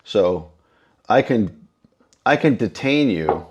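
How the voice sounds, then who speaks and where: A middle-aged man from California, a former police officer, calmly explaining things as a podcast guest. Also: on the low side, slow pace, a little hiss or hum. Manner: calm, explanatory, brief replies. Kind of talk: casual conversation.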